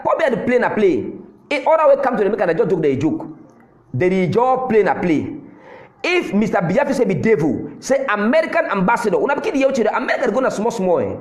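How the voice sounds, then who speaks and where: A man speaking Cameroonian Pidgin English delivers a fiery political address. His voice is high and swings widely in pitch as he repeats his points for emphasis. The sound has an echo, as if recorded in a bare room. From Southern Cameroon. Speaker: political commentator.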